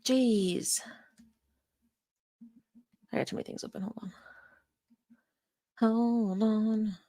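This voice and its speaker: A woman's voice: mid-range voice, a little slow, dark tone, breathy edge, dry recording, clean studio sound. A young adult woman streaming from her computer, chatting casually, rambling, swearing and muttering to herself as she searches. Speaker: streamer reviewing a live stream. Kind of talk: casual livestream chat. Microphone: desk microphone.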